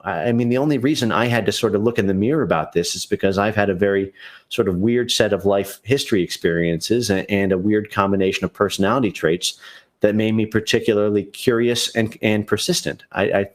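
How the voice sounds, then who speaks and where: Low-voiced man, halting and full of fillers. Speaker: guest. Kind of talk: live-stream discussion.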